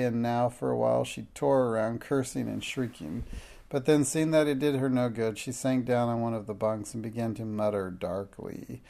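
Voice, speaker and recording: Gravelly man reading a storybook. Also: mid-range voice, dark tone. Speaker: audiobook narrator. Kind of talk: children's book read aloud.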